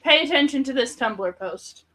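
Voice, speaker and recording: Excitable woman co-host, slightly high voice, casual. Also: normal speed, over a noisy crowd, poor audio. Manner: excitable, reads posts aloud with gusto. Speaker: podcast co-host. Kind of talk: casual chat.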